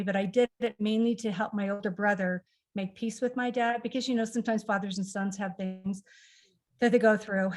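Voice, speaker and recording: A middle-aged woman recounting a personal family story in conversation, acting out the quoted lines of the people in it. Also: mid-range voice. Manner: emotional, acts out quoted dialogue. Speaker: author guest.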